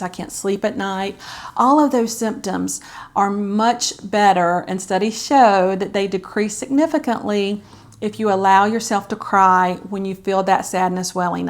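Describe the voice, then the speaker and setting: A middle-aged woman, talking candidly to camera as a caregiver vlogger, chatty and heartfelt with many fillers. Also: mid-range voice. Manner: chatty and heartfelt, with frequent fillers and soft laughs. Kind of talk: candid personal vlog talk.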